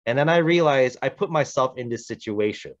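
A man who works as a voice actor, speaking on a casual panel as an animated storyteller who gives direct advice. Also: mid-range voice, a little fast. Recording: dull lo-fi audio.

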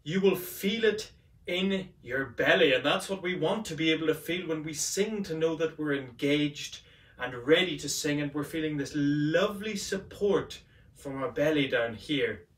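A man leading a playful vocal warm-up lesson, coaxing and demonstrating by singing. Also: a little high, animated, normal speed. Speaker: singing teacher. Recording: roomy, from a distance.

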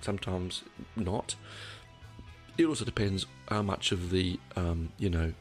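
A man's voice: deep voice, a little slow, soft background music. A man hosting a casual solo podcast, rambling along with frequent restarts and the odd swear word. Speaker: podcast host.

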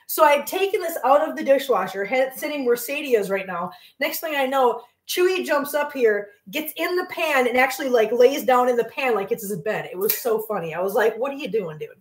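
A woman's voice: high-pitched, lively intonation, a little fast, few pauses, reverberant. A middle-aged woman hosting a casual cooking livestream from her home kitchen, chatty and rambling, often laughing and cooing at her cats. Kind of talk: casual chat while cooking live.

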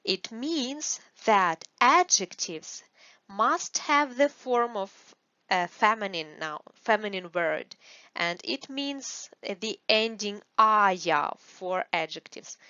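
A woman with a Russian accent, whose first language is Russian, teaching a beginner language lesson with slow, patient explanations. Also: mid-range voice, animated, sharp tone, no echo, lo-fi sound.

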